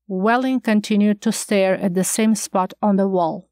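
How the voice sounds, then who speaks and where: A woman narrating a short story for an audiobook in a measured, even reading. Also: mid-range voice, no room sound, clean studio sound.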